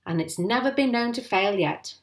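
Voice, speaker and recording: A woman's voice: a little high, expressive, moderate pace, voice pushed up, close to an everyday voice. A woman reading aloud and voicing a proud, sly father who talks in a conspiratorial, pleased way. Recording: roomy echo.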